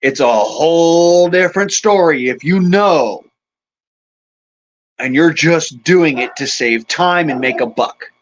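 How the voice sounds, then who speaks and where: A man's voice: fairly high pitch, animated, takes it slowly. A middle-aged man hosting a livestream, ranting in a profane, agitated way, shaken and angry. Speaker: livestream host. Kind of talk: angry livestream rant and chat greetings. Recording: dull lo-fi stream audio.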